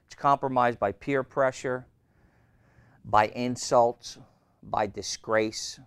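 A man preaching a sermon as pastor, swinging between loud emphasis and quiet asides. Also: medium pitch, fairly even intonation, slow, clean tone, no room sound, studio quality.

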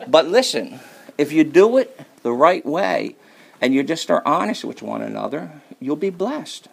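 Gravelly folksy preacher man. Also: a little high, big pitch swings, normal speed. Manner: folksy, joking, preaching to a congregation. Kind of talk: sermon.

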